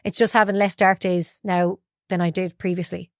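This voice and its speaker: A woman's voice: fairly low pitch, little pitch movement, normal speed, dry recording, studio quality. A young woman speaking openly as an interview guest, telling her story and acting out what people said to her. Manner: open, confiding storyteller, acts out her own quotes. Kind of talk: candid personal interview. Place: podcast studio.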